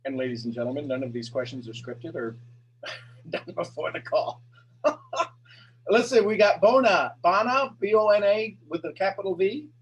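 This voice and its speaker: Man, energetic encouraging coach, talks straight to listeners, somewhat high voice. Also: normal speed, husky, highs cut off. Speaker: coaching show host. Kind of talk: motivational coaching call.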